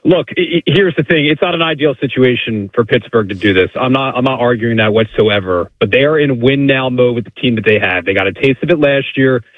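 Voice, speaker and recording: A man's voice: medium pitch, fairly quick, hardly any pauses, dry recording. A man from Maryland calling in to a sports radio show, emphatic as he makes his case. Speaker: caller. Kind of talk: phone-in sports talk. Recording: tinny dry phone line.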